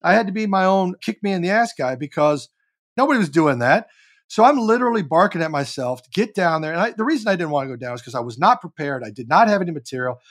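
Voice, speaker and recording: A man in his fifties, an actor and comedian, telling stories as a guest in a casual interview with lots of swearing and shouted reenactments. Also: high-pitched, fast talker. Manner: animated, profane, barks when reenacting.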